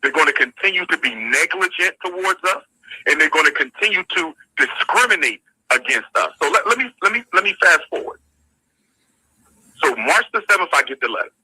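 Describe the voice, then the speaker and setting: A man in an interview, explaining a sequence of events in a measured way. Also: fairly high pitch, expressive, pushed and bright, slightly rough, no room sound, poor audio. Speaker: interview guest.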